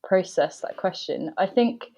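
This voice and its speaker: A woman guest on a podcast, a movement director and dancer, answering thoughtfully with frequent pauses and fillers. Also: on the low side, lively intonation, mellow, breathy edge. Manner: thoughtful, hesitant with frequent ums. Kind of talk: reflective podcast conversation.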